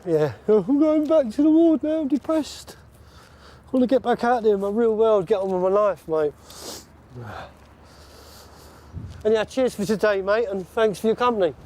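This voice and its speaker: A man's voice: high-pitched, lively intonation, moderate pace, pauses often, warm tone, slight background noise. A man, a psychiatric inpatient out on leave, talking casually and constantly adding "you know what I mean". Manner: chatty, peppers talk with "you know what I mean" and laughs. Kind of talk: casual chat while out and about.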